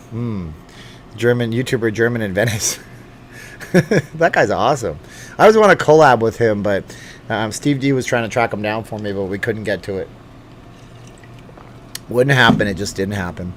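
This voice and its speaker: A man's voice: on the low side, animated, normal speed, pauses often, slight background noise. A man hosting a casual live chat from a home studio, joking and reading viewer comments aloud. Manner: chatty, jokey, reads comments aloud. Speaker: livestream host. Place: home studio with hot lights. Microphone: studio microphone.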